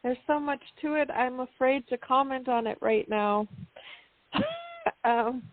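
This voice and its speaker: A woman taking part in a poetry show, speaking in a hesitant, halting way. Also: high-pitched. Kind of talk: casual chat. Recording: dry tinny phone line.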